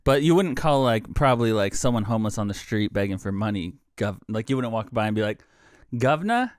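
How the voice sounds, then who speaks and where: A man's voice: lowish voice, quick pace, dry recording, clean studio sound. Rambling, laughing male podcast co-host. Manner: rambling, laughs often, filler-heavy musing. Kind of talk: casual comedic chat.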